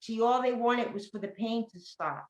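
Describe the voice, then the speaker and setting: A woman's voice: on the high side, normal speed. Woman, New York accent, heartfelt rhythmic slam poetry, echoey room. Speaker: poet in recovery. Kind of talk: spoken word poetry reading. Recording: roomy echo.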